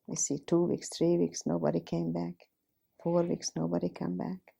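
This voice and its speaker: Gravelly woman in her fifties. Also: fairly low pitch, monotone, normal speed, dark tone. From Hungary. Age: 50s. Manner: plain, direct storytelling, often repeats "I says". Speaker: Holocaust survivor giving testimony. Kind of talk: recounting personal testimony.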